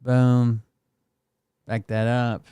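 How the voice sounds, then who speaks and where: A man's voice: mid-range voice, monotone, extremely slow, warm tone, clean tone, no echo. A man hosting a casual show, talking in a loose, rambling and profane way. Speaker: host. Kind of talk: casual chat.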